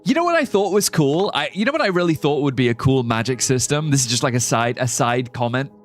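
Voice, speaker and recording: Man rambling through lively game commentary. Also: medium pitch, fast talker. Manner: rambling, profane, laughs at his own ideas. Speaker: streamer. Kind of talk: live gameplay commentary.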